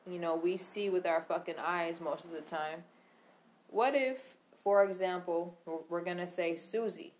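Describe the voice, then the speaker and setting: A woman in casual podcast chat, emphatic and heavy on swearing as she works through examples. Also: lowish voice. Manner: profane, emphatic, talks through hypotheticals.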